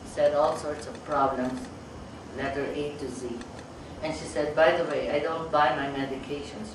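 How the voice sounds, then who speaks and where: A middle-aged man, a psychiatrist, telling stories about his patients to a meeting audience and acting out their lines. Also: medium pitch. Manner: storytelling, acts out patient dialogue. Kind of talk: anecdotal talk to an audience. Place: meeting hall. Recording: echoey hall, speaker far from mic, noisy.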